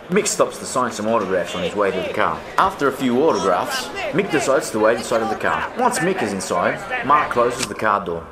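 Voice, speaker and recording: A man narrating a scripted story in a steady storytelling manner. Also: medium pitch, brisk, few pauses. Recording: roomy echo, faint noise.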